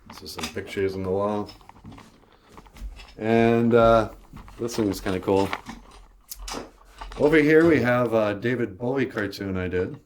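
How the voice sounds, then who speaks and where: A cartoonist with an Ojibwe reservation accent, giving a casual, rambling studio tour with jokes and lots of fillers. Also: male voice, lowish voice, unhurried, long pauses, slight background noise. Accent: Ojibwe reservation English. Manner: rambling, joking, with many fillers. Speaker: show creator and cartoonist.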